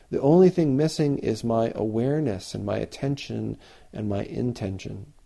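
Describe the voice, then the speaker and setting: A man's voice: mid-range voice, gravelly, dark tone. A man giving a reflective dharma talk as a Zen teacher, repeating phrases and sometimes chanting lines aloud. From Canada.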